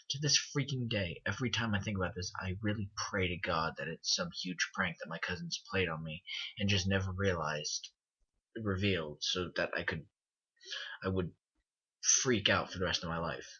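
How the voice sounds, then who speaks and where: A man narrating a first-person horror story as an earnest storyteller, restarting phrases and slowing down on the creepy parts. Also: lowish voice, bright, forceful tone, breathy edge. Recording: dull lo-fi recording with music behind. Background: music bed.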